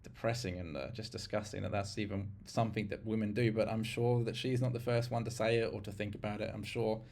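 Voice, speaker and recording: Host, man, lowish voice, frank opinions, talks to the audience. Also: fairly even intonation, quick pace, gravelly, a little mellow, slight background noise. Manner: frank, opinionated, addresses viewers directly. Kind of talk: casual commentary.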